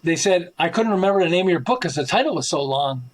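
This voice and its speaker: A man with a high, light voice tells stories as a podcast guest. He is animated and slips into the voices of the people he quotes, often chuckling. The delivery is an author's conversational storytelling. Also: quick pace, poor audio. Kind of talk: anecdotal interview storytelling.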